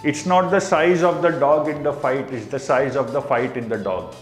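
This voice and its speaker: A man with an Indian accent teaching a class, explaining slowly and repeating key terms. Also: medium pitch, reverberant, faint music behind. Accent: Indian English. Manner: explains slowly with repetition, mixing in Hindi asides. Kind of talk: classroom lecture.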